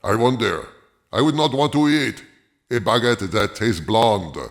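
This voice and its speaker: A man's voice: mid-range voice, expressive. A man hosting in character as a pompous French film critic, speaking with an exaggerated fake French accent in a comic monologue. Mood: absurd musing. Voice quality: over-the-top accent, drawn-out delivery, chuckling asides. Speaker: host.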